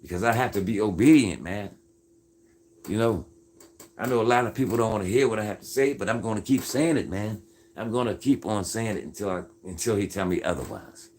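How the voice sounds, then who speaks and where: Deep-voiced man preaching to his viewers. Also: a little fast, darkish tone, a little hiss or hum. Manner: folksy, keeps tagging lines with "folks" and "man"; earnest, preacher-like insistence. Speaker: livestream host reading viewer comments. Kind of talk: casual faith-based livestream talk.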